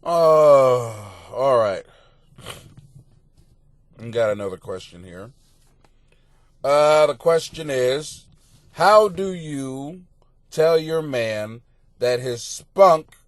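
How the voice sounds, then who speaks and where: A man hosting a comedy podcast, reading out listener questions and answering them in a crude, profane, mocking rant that swings into yelling. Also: mid-range voice, no echo. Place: home basement.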